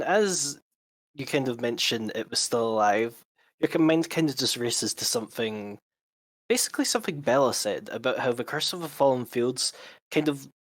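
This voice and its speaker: A man runs a tabletop game as game master, laying out what the players learn in a measured, explanatory way. His mid-range voice sounds dry and close, with no room around it. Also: medium pitch, a bit bright, no echo.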